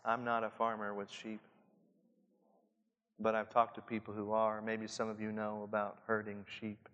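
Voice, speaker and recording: A man with a Southern Indiana accent preaching a reflective sermon to pastors, often dropping to a soft hush to stress a point. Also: on the low side, monotone, normal speed, lo-fi sound. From Southern Indiana, USA. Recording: long hall reverb.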